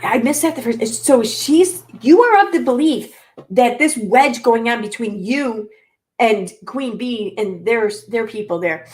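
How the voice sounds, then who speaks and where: A woman's voice: on the high side, a little mellow. A woman hosting a commentary channel, reacting to clips with sarcastic, exasperated rants full of swearing.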